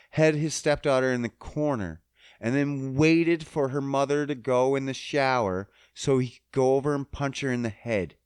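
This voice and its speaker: In clean studio sound with no room echo, a man with a clear, resonant mid-range voice speaks at normal speed. Hosting his podcast, he rants in an emotional monologue, furious, emphatic and swearing heavily while getting choked up.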